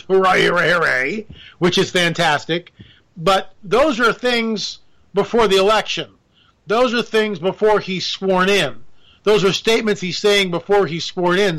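A man's voice: high voice, a bit bright. A man delivering a rambling, sarcastic political commentary monologue, full of asides and mock disbelief. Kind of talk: opinionated monologue.

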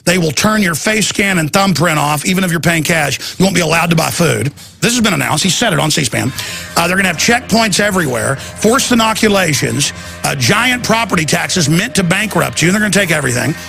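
A middle-aged man hosting a talk radio show, ranting rapidly and with great passion. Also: fairly high pitch, animated, creaky, pushed and bright, soft background music.

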